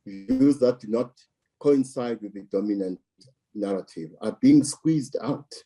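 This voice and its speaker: A man from South Africa giving measured political commentary, deliberate and emphatic, repeating words for stress. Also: fairly low pitch, mellow.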